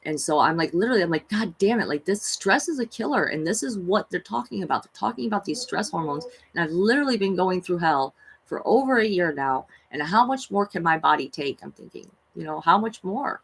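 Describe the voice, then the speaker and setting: A woman's voice: fairly low pitch, lively intonation, fairly quick, gravelly, breathy edge, low-quality recording. A woman who streams tarot readings tells spiritual stories in a casual, rambling, chatty way, full of fillers and gushing awe. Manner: gushing and awed when she talks about animals. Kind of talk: casual spiritual storytelling on a livestream.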